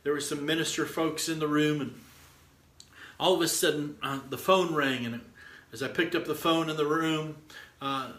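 A man's voice: a little high, fairly even intonation, normal speed, a bit bright, roomy sound. A middle-aged man preaching and telling a testimony in a fervent, exhorting way, often stringing words together with repeated "and"s. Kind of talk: sermon storytelling.

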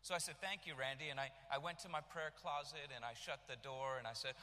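A man in his thirties from the United States preaching a sermon, telling his story with animated bursts of shouting. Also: on the high side, fairly quick, few pauses. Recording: long reverb of a large hall.

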